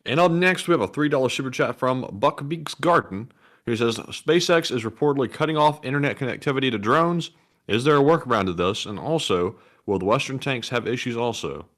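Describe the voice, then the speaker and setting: A man's voice: mid-range voice, lively intonation, a little fast, fairly bright tone. Easygoing Southern man reading super chats. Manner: easygoing, wry, reads viewer messages. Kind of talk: casual livestream chat.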